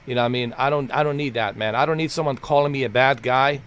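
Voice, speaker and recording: A man's voice: mid-range voice, fairly even intonation, quick pace, fairly bright tone, clear, resonant tone. A man streaming live and ranting at his chat in a heated, blunt, profane way, repeating himself for emphasis.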